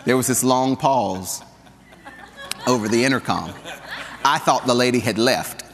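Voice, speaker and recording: A man from the American South with a Southern drawl, preaching a sermon in an animated, conversational way with humor and call-and-response. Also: medium pitch, unhurried, background noise. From Southern United States. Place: church sanctuary. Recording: long hall reverb.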